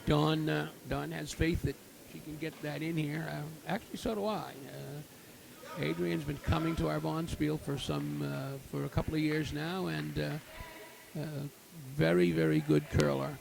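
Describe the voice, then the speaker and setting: Speaking at a measured pace in a level, slightly high voice with vocal fry, a man provides live curling commentary. He explains play with lots of fillers and cheers strong shots, captured on a low-quality recording amid crowd noise at the rink.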